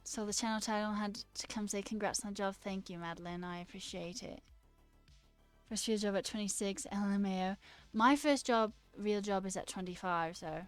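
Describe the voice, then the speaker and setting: A woman's voice: mid-range voice, normal speed, clear, resonant tone, faint music behind. Chatty woman streamer answering chat. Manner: chatty, laughs often, answers chat questions. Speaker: livestreamer and new software engineer. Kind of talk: casual livestream chat, reading chat aloud.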